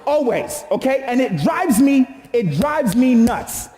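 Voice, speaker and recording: A young man from Jamaica does a stand-up monologue as host of a live show. His voice sits fairly high and swings widely, from low mutters to near-shouts. The sound carries the long reverb of a studio hall. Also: slow pace. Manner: animated, exaggerated storytelling with shouts and mock-outrage. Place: live studio stage with audience.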